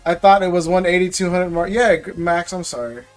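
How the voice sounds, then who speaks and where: A man's voice: high-pitched, fairly quick, faint music behind. A young man hosting a casual livestream, rambling and ranting, often repeating his words. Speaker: live stream host opening card packs.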